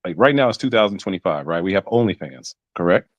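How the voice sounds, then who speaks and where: A man in his forties on a casual group call, animated and often stumbling and restarting. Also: deep voice, fast, no echo, muffled recording.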